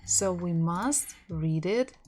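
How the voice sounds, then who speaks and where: Slow-paced woman teacher. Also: lowish voice, expressive, a little mellow. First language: Russian. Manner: explains patiently, with frequent restarts and small laughs. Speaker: language teacher. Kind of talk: online language lesson.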